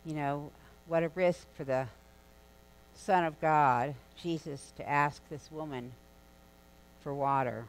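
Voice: mid-range voice, fairly even intonation, slow pace, slight background noise, poor audio. A preacher giving a sermon in a church, in a conversational, storytelling delivery with casual asides. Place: church sanctuary.

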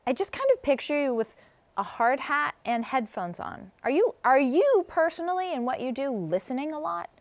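A woman's voice: sits high, sing-song, moderate pace, dry recording. A middle-aged woman hosting a conversational interview, asking questions with curiosity. Her speech moves along at an easy pace, and she presses her guest with follow-up questions. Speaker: host.

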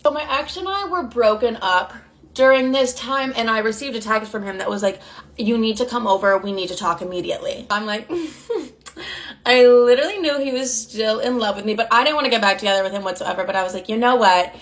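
A young woman with a slightly high voice recounts a personal storytime. She talks in a chatty, unfiltered way, swearing freely and filling her sentences with "like". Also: fast talker. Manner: chatty, candid and profane, heavy use of "like". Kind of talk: casual storytime.

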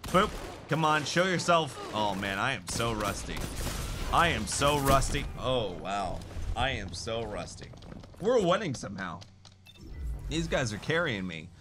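A young man giving jokey, excitable commentary while playing a shooter game, breaking into sudden shouts. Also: mid-range voice, measured pace, over music. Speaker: gaming YouTuber. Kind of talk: live gameplay commentary. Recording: gunfire noise behind voice. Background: game gunfire.

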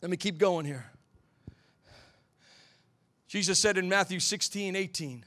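A middle-aged man preaching a sermon in a church, telling a family story and building to shouts at the high points. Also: measured pace, long pauses. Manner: storytelling, swells to shouting at climaxes. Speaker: pastor.

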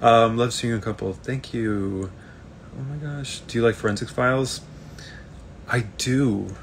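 Man, gravelly voice, fairly low, relaxed live-stream chat, reading out fan questions, faint background hiss. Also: unhurried. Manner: relaxed, chatty, reads comments aloud. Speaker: actor answering fan questions.

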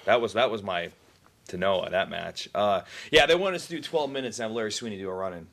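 A man's voice: on the low side, animated, fast talker, gravelly, fairly bright tone. A man answering as an interview guest, hesitant with many restarts and light laughter. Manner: hesitant, laughs easily, short replies. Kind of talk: candid interview conversation.

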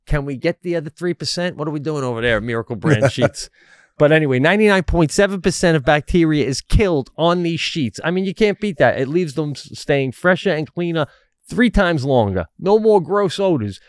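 A man's voice: fairly high pitch, a little fast, dry recording. A man co-hosting a comedy podcast in a home studio, telling stories animatedly and slipping into voices. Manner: animated storyteller, puts on voices, swears. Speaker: podcast co-host. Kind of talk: casual comedic chat. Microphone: studio mic.

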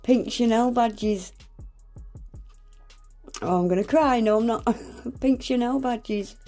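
Lady nail vlogger, slow and gushy, gasps a lot, soft warm tone. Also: a little high, faint music behind. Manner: gushing, exclamatory, lots of gasps and "oh my gosh". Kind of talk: unboxing vlog, casual chat.

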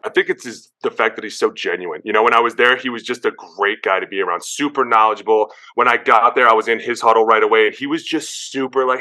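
A man in his thirties, a former football player and guest, telling stories in an excited, casual way and acting out quotes with lots of "like" and "dude". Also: mid-range voice, fast talker, few pauses. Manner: animated, acts out quotes, many "like" and "dude". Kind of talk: excited casual interview storytelling.

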